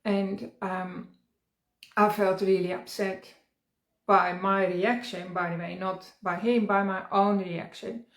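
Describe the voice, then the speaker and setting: Middle-aged female wellness coach, mid-pitched voice, earnest and encouraging, roomy echoey recording. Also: fairly even intonation, slow. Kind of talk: conversational self-help workshop talk. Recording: roomy echo.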